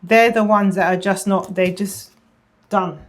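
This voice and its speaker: A woman giving a casual tarot reading, chatty, often repeating phrases and dropping into a soft murmur. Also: medium pitch, steady tone, a little slow. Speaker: tarot reader.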